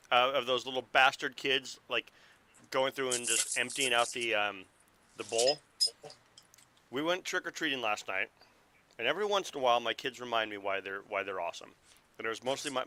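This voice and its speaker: A man in his thirties from Montana tells a story in casual game-table chat. His voice is very bright and sits in a middle pitch, with a faint hiss under it. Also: brisk. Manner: storytelling, animated when quoting. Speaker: game master.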